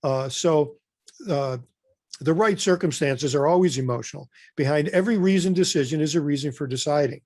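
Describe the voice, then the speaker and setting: A man's voice: a little high, brisk, darkish tone, no room sound, studio quality. A man presenting an informal webinar training, talking loosely with many fillers and restarts.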